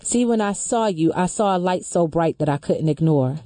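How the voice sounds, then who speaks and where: Female talk host, mellow tone, close and dry, earnest measured reader. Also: on the low side, animated, no room sound. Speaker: radio show host. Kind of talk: reading a letter aloud, then discussion.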